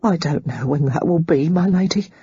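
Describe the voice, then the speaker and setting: A nervous older housekeeper answers with hesitant, lowered deference, voiced by an audiobook narrator. The tone is breathy and husky. It is recorded dry and dull. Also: normal speed, warm tone, dry recording. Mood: regretful. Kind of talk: audiobook character reading.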